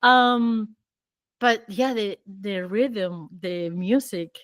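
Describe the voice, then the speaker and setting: A woman hosting a podcast, a native Spanish speaker talking in English, lively and searching for words as she chats, laughing often. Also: mid-range voice, extremely slow, no echo. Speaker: podcast host. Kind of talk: casual conversation.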